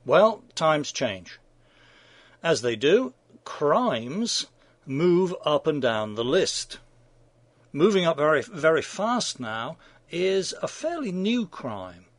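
A man's voice: fairly high pitch, sing-song, slow, dry recording. A man delivering scripted opinion commentary in a sardonic, mocking manner.

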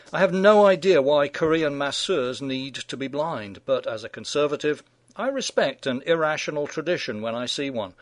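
A man's voice: mid-range voice, no room sound. A middle-aged man hosting a scripted radio news commentary, delivering it with dry, sardonic irony.

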